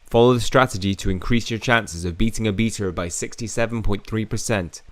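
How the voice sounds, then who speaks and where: A man's voice: lowish voice, fairly quick, close to an everyday voice. A man voicing a young male student commentator who confidently rattles off statistics. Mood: lecturing.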